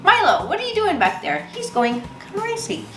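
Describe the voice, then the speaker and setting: A woman's voice: very high voice, huge pitch swings, normal speed, fairly bright tone. Bubbly woman hosting a kitchen vlog. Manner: bubbly, joking, swears casually. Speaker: host. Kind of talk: casual cooking vlog. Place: home kitchen. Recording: echoey kitchen with music.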